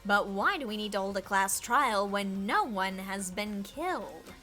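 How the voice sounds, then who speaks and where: A woman's voice: mid-range voice, animated, a little slow, pushed and bright, soft background music. A woman streamer reading a game's dialogue aloud dramatically, joking and laughing along. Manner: playful, laughs often, reads lines dramatically.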